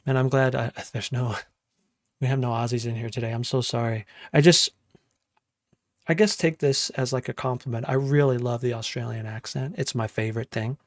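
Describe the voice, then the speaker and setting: Young male producer, loose chatty streamer, middle pitch, dry voice. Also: fairly even intonation, normal speed, dry recording. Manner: chatty and loose, thinks aloud while working. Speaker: music producer streaming a live session. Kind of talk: casual livestream chat.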